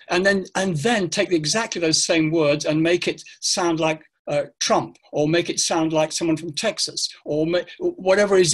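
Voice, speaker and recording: An older man, a teacher trainer, speaking in an online interview with animated, hesitant explanations full of fillers. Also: on the high side.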